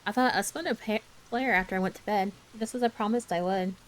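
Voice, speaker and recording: A woman puts on a dreamy, excitable orphan girl in a soft ASMR bedtime storybook reading. The girl pleads and gushes in a slightly higher, slower, breathless voice. Her voice sits mid-range for a woman. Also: close to an everyday voice, low-quality recording. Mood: earnest.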